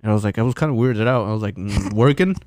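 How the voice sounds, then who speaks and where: A man's voice: lowish voice, steady tone, rapid-fire, a little mellow, clear, resonant tone, no echo. A man on a casual podcast, telling a long work story with lots of swearing and restarts. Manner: rambling storyteller, swears a lot, restarts often. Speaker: podcast co-host. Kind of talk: casual chat.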